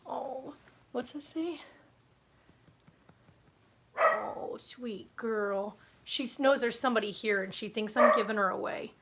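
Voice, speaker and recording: A woman's voice: a little high, takes it slowly, pauses often, heavy background noise. A woman chatting casually in a home vlog, rambling with fillers and cooing baby talk at her puppy. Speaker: homesteading vlogger.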